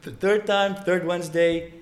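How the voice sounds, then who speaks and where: A comedy writer telling lively stories about his stand-up attempts in casual chat. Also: mid-range voice, a little fast, echoey room. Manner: animated storyteller.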